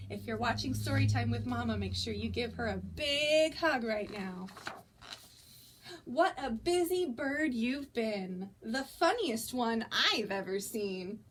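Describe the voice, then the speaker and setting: A woman's voice: a little high, a little hiss or hum. A young woman librarian reading a picture book aloud at toddler story time, coaxing the children to join in. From United States. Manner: sing-song, animated, coaxing children to join in.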